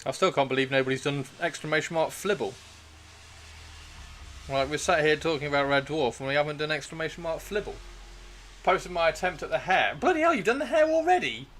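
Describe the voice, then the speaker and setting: A man's voice: a little high, lively intonation, fairly quick, a bit bright, a little hiss or hum. A man chatting casually on a livestream, laughing and encouraging viewers with their sculpting. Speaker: livestream host. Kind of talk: casual livestream chat while sculpting miniatures.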